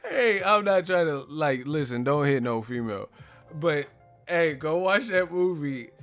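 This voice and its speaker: A man's voice: a little high, animated, a little slow, a bit bright, faint music behind. A man hosting a casual live stream, telling stories animatedly with lots of slang and profanity, often laughing and acting out movie lines. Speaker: host of a live boxing stream.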